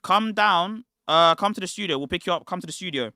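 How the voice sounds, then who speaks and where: A young British man chats on his stream in loose slang, looping back and restarting his sentences as he talks. His voice is bright and forceful, pitched a bit high for a man. The sound is crisp and very dry. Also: no room sound. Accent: British English. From Britain. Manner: rambling, slangy, quick restarts. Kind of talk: casual livestream storytelling.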